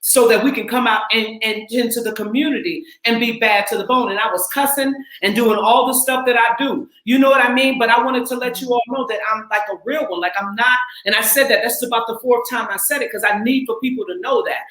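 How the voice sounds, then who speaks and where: A woman in her forties from the Twin Cities, an actress and acting coach, talking casually and emphatically, sometimes laughing and rising into shouts. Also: fairly high pitch, a little fast, few pauses, reverberant, rough recording. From Twin Cities, Minnesota. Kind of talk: casual heartfelt talk.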